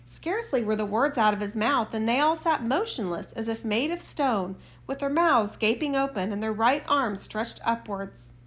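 A woman's voice: fairly high pitch, lively intonation, moderate pace, hardly any pauses. A woman narrating a fairy tale aloud, giving light voices to its characters. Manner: reads all parts with mild shifts for the characters. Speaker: storyteller.

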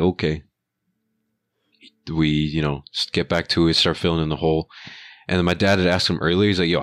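A man's voice: deep voice, no room sound. A young man casually retelling a work story, full of slang and swearing, and acting out what people said. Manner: profane, slangy, animated retelling with quoted voices.

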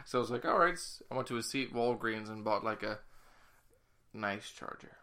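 A young man telling a rambling story in a casual chat, now and then shouting to imitate someone. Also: fairly low pitch, little pitch movement, moderate pace. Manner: rambling storyteller, loud bursts when imitating others.

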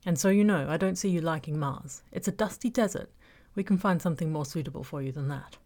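A woman's voice: deep voice, quick pace, a little mellow. A woman voicing a young female student, an eager, teasing, caring best friend in an audiobook. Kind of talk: audiobook character voice.

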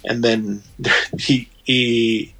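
A man's voice: mid-range voice, little pitch movement, drawn-out words, bright, forceful tone. A man in casual chat, telling a rambling, profane story and quoting what others said.

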